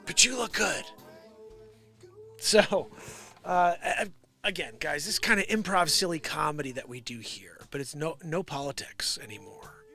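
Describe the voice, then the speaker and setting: A man runs a daily improvised comedy livestream, riffing and rambling about the news, saying hello to viewers by name and doing squeaky voices for the people he quotes. He sounds expressive and speaks at a normal speed over loud background music.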